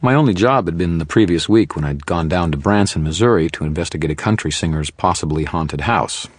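A man reading a first-person audiobook narration in a wry, deadpan manner. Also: deep voice, fairly quick, breathy edge, no echo.

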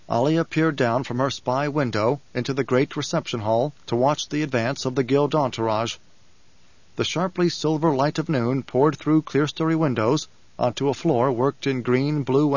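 A man reading an audiobook in a measured, steady storytelling manner. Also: mid-range voice, no echo. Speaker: audiobook narrator. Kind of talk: scripted audiobook narration. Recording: dull dry studio recording.

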